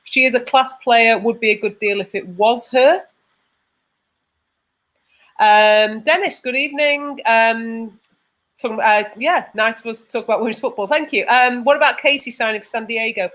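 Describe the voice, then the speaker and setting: A woman hosting a live podcast, pausing often with ums as she reads out viewer comments. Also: fairly high pitch, fairly bright tone. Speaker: podcast host.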